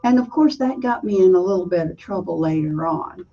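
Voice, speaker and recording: An older woman from Florida, an author guest, telling stories in an animated way with lively quoted voices. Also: on the low side, brisk, gravelly. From Southern US, Florida. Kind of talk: storytelling interview. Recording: muffled, distant mic.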